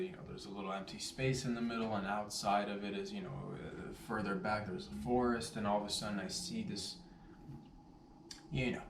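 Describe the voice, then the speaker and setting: A man tells a rambling, animated story for his vlog, his voice sitting fairly low. He sounds some distance from the mic, in a roomy, echoing space with faint ambience behind him. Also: background noise. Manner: animated, rambling, playful catchphrases. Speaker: vlogger telling a story.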